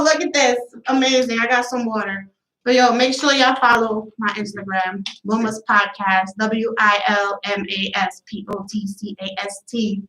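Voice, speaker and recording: High-spirited New podcast woman. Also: a bit bright. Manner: loose, profane, laughing storytelling. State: high, a little out of breath. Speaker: podcast host. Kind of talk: casual chat. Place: room with friends. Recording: echoey room.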